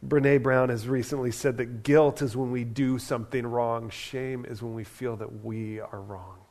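A pastor delivers a sermon to his church in a relaxed, conversational style. Speaking at an ordinary middle pitch and moderate pace, he engages animatedly with the congregation and drops in casual asides.

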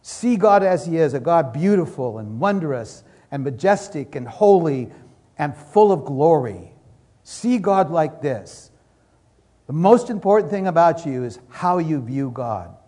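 A pastor delivers a sermon with fervent, repetitive emphasis. His voice sits a little higher than most men's. He slips into spoken prayers as he preaches. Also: warm tone.

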